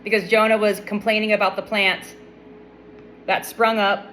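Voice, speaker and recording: A woman's voice: mid-range voice, little pitch movement, normal speed, a bit bright, slight background noise, rough recording. A young adult woman casually retelling a Bible story, mixing the reading with wry, playful asides.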